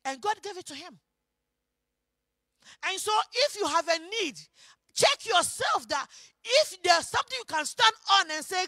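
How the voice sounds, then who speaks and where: A woman pastor delivers an emphatic church sermon, her very high voice bright and forceful. She shouts key phrases, then drops to a hush. The sound is close and dry, with almost no room echo. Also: sing-song, moderate pace, long pauses. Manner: emphatic preaching that swings from shouting to hushed.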